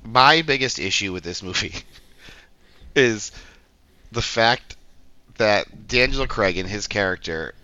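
A man with a lowish voice and a sharp, bright tone chats about a film, laughing often and leaning on fillers. The recording is dry and a little dull. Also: expressive, takes it slowly, pauses often, dry recording. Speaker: podcast co-host. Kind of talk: casual movie-review chat.

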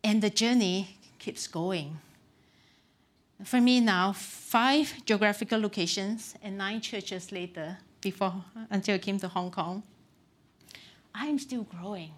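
A middle-aged woman pastor giving a conversational sermon, candid and self-deprecating, with frequent "um" and "you know.". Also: medium pitch.

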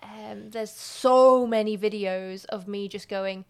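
A woman's voice: medium pitch, fairly even intonation, slow, smooth. A young woman co-hosting a podcast, telling stories chattily and giggling often. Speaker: podcast co-host. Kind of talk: casual chat.

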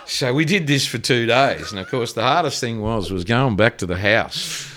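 A man's voice: mid-range voice, expressive, moderate pace, a bit bright. An older Australian man telling rambling stories in a casual interview, swearing freely as he goes. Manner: rambling, profane, anecdotal. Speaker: guest. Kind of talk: casual storytelling.

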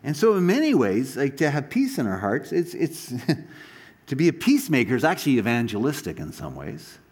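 A man's voice: mid-range voice, normal speed, slightly rough. Guy preaching, voice jumps all over, chatty stories, keeps restarting his sentences. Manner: animated storytelling, frequent restarts and asides. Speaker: pastor. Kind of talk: sermon.

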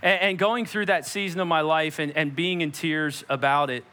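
Guy preaching, bright kinda high voice, tells stories and acts out the quotes. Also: fairly even intonation, moderate pace, few pauses, clear, resonant tone. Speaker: pastor. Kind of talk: sermon.

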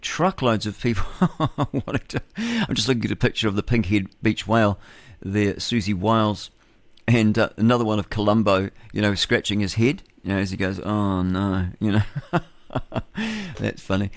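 Nz radio guy rambling on, blunt opinions, chuckles, lowish voice. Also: normal speed, no room sound. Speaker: radio talk host. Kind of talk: opinionated solo radio monologue. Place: radio studio.

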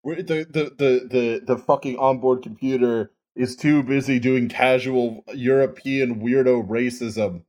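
A man's voice: mid-range voice, fairly even intonation, measured pace, hardly any pauses, darkish tone. A man co-hosting a casual podcast, making sarcastic, self-deprecating quips. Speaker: podcast co-host.

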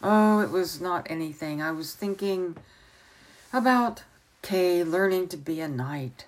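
A woman's voice: lowish voice, lively intonation, unhurried. A woman voicing an earnest young boy from a storybook who talks eagerly and wistfully.

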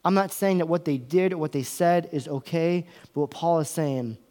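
A man delivering a sermon in a somewhat high voice. He slows right down and pauses on the words he wants to land. He sometimes acts out inner voices, from hushed whispers to raised exclamations. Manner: dramatic pauses, slows down for emphasis. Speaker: pastor.

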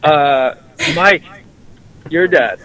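A man with a slightly high voice hosts a comedic call-in show. He is brash and rambling, and he swears freely as he jokes with callers. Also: extremely slow, sharp tone, low-quality recording. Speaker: host.

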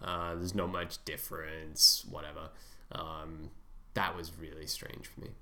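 Low-voiced English man, part American accent. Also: level tone, unhurried, sharp tone, a little hiss or hum. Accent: Southern English mixed with American. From England. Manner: playful, teasing banter. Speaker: podcast co-host. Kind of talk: casual chat.

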